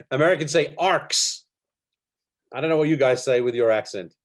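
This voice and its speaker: With a medium-pitched voice and a fairly quick delivery, this middle-aged man runs a live animation workshop online via video call. He chats in a relaxed way, sprinkling in lots of fillers and quiet laughs.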